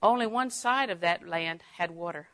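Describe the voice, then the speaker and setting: A woman's voice: lowish voice, moderate pace. Folksy woman teaching Bible lesson. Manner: folksy, swings from hushed to exclaiming.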